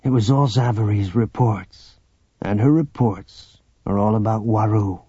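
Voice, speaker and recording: A man's voice: on the low side, a little slow, dark tone, husky, no echo. A man reading an audiobook, voicing a blunt, protective male smuggler in a matter-of-fact tone. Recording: dull lo-fi audiobook recording.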